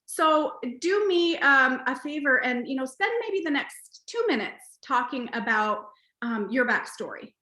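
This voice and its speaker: A woman's voice: high-pitched, lively intonation, a little slow, sharp tone, roomy sound. A woman hosting a team video call, gushing and effusive with praise. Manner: gushing, effusive, tearful at times. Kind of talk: emotional team recognition chat.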